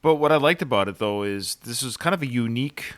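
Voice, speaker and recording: A man's voice: mid-range voice, animated, fast talker, a bit bright, dry recording. A man co-hosting a casual film podcast, talking hesitantly with frequent restarts and filler words. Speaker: podcast host.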